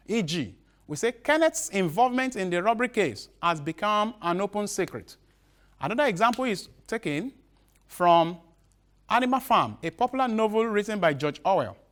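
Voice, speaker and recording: Slow-explaining male teacher. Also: high voice, a bit bright. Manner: repeats each definition slowly, with halting restarts. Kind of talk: broadcast lesson.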